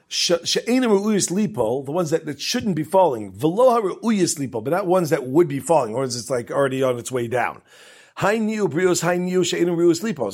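Guy giving a talmud class, reads the passage then breaks it down chatty, kinda high mellow voice. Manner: reads Aramaic passages then explains them in casual English; conversational, with restarts and asides. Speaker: Talmud teacher. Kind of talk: Talmud class, reading text and translating.

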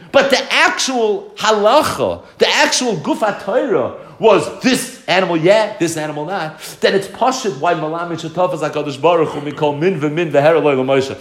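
A man teaches a Talmud lesson, and his fairly high voice swings up and down as he throws out rhetorical questions. The lecture sounds like it was recorded in an echoey room. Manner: animated, rhetorical questions, mixes Hebrew and Yiddish terms.

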